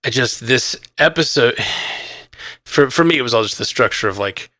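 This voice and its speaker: A man's voice: medium pitch, animated, normal speed, sharp tone, no room sound, studio quality. A man co-hosting a podcast, chatting casually in a review and rambling with lots of "like" and restarts. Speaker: podcast co-host.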